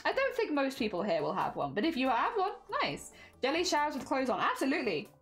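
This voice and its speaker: Young british girl chatting on stream while crafting, fairly high voice, self-deprecating, lots of oh dears. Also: wildly swooping pitch, quick pace, fairly bright tone, faint music behind. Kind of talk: casual chat while crafting.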